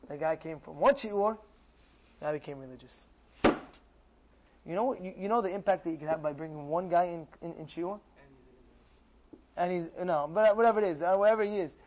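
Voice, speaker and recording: Excitable high-voiced man giving a sermon. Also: moderate pace, pauses often, dull audio, slight background noise. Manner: excitable, acts out dialogues, repeats phrases. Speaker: rabbi giving a Torah class. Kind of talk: animated sermon.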